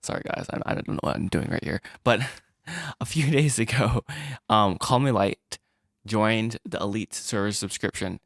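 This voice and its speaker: A man vlogging about making his animated film, rambling and self-deprecating, with frequent restarts and little laughs. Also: on the low side, normal speed, vocal fry, no echo, clean studio sound. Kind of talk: casual solo vlog.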